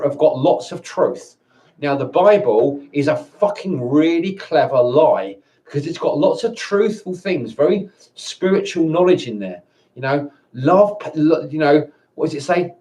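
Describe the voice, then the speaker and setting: A man's voice: on the high side, darkish tone. Angry, stammering man ranting. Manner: angry, swearing, stammering restarts. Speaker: vlogger.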